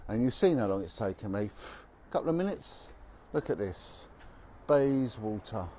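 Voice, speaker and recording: A man's voice: fairly low pitch, lively intonation, a little slow, mellow. A man who is a former police officer, telling stories bluntly and with emphasis as he walks down a city street. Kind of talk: walking vlog monologue.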